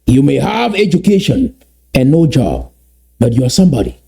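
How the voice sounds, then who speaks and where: A man from Southern Cameroons, giving an emphatic motivational address that repeats and slowly stresses key phrases. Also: mid-range voice, big pitch swings, gravelly, mellow, breathy edge. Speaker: activist speaker.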